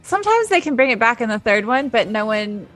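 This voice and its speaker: A woman's voice: big pitch swings, fairly quick, a bit bright, faint music behind. A woman co-hosting a casual movie-review chat, easygoing and often hedging her opinions. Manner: agreeable, hedging, gravelly low tone. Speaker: podcast co-host.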